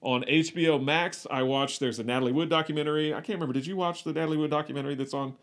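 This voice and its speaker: A man's voice: a little high, steady tone, rapid-fire, a bit bright. A man co-hosting a movie podcast, chatting casually in a rambling, wry way and often correcting himself mid-sentence. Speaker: podcast co-host.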